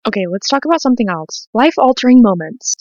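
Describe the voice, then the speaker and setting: A woman's voice: a little high, big pitch swings, quick pace, darkish tone, no room sound, dull audio. A teenage woman with an American accent, hosting her own podcast in a rambling, emotional, casual confessional way with lots of "like". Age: late teens. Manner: emotional, rambling, says "like" often. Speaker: podcast host. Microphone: to camera, self-filmed.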